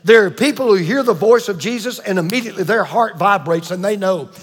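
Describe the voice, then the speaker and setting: Older male pastor, high husky voice, preaching in a big reverberant church. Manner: emphatic preacher with dramatic pauses and asides. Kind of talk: sermon.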